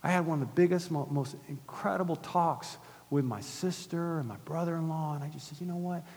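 A man's voice: on the high side, a little fast. Preaching man in a reverberant church hall. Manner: conversational preaching with big swings from soft to loud. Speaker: pastor. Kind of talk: sermon.

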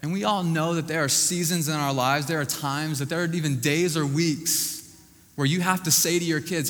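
A man preaching a sermon, emphatic and repetitive, often dropping to a hushed voice at the ends of lines. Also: on the high side, fairly even intonation, normal speed, in a large hall.

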